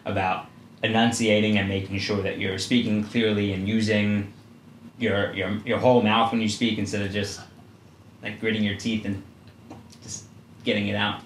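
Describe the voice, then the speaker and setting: Dad hosting a relaxed family podcast: gentle, encouraging, asks easy questions; roomy echo on the recording. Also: male voice, on the low side, normal speed, pauses often. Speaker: father and podcast host. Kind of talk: casual parent-child podcast chat. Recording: roomy echo, faint background hum.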